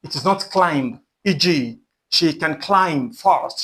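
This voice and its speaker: Slow, deliberate male pronunciation teacher. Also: on the high side, animated, fairly bright tone, breathy edge. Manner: slow, deliberate, repeats each word and example. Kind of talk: pronunciation lesson.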